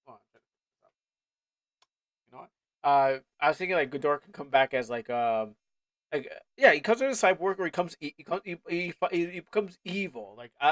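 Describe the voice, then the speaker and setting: A man's voice: fairly high pitch, fairly bright tone, no room sound. A man streaming a game, rambling casually and often cracking up with laughter. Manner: rambling, keeps breaking into laughter. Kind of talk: casual livestream commentary.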